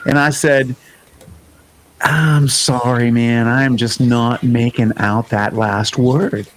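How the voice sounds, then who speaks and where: A man hosting a music podcast, telling a story in a casual, lively way and acting out the quoted lines. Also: mid-range voice, slow. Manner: animated storyteller, acts out quoted dialogue. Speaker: podcast host and singer.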